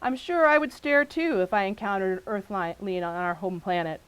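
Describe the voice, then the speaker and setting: A woman voicing a small rodent-like male alien officer who speaks through a translator box, with an even, courteous delivery. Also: medium pitch, moderate pace, clear, resonant tone, pitched below the performer's own voice, poor audio. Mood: polite.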